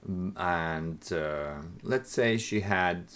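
A young adult man, co-host of a casual chat podcast, telling a story with animated quoted voices. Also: deep voice, drawn-out words.

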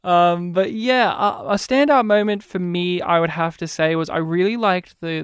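An Australian man co-hosting a podcast, chatting casually about a film with quick asides. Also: fairly high pitch, smooth, no room sound, studio quality. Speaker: podcast co-host.

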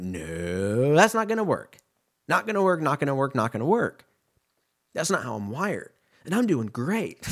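A man hosting a podcast, rambling casually and profanely from one tangent to the next. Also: medium pitch. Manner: loose, profane, jumps between tangents. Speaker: podcast host.

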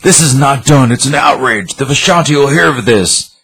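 A man's voice: lowish voice, a little fast, fairly bright tone, breathy edge. A man voicing an arrogant tyrant sorcerer who sounds pompous and indignant while reading out comic dialogue. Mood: outraged.

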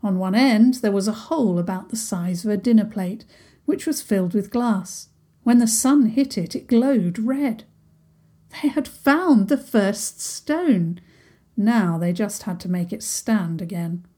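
A woman narrating a children's story in a gentle, unhurried way. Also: medium pitch, animated.

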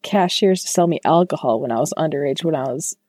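A woman's voice: low-pitched, fast talker, warm tone, no room sound, clean studio sound. A woman playing a tabletop game, teasing and playful in her banter. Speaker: player. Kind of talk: comedic tabletop role-play banter.

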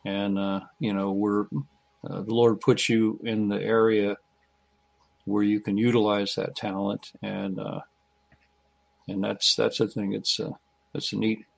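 Gravelly low-voiced man on a video call. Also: little pitch movement, unhurried, pauses often, dry recording. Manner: rambling, many fillers, warm greetings. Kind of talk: casual online roundtable chat.

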